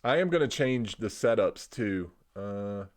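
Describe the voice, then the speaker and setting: Laid-back swearing man, low voice. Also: expressive, unhurried. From Indiana, USA. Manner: laid-back, swears a lot, trails off with "I don't know". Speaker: streamer. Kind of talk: casual rambling chat.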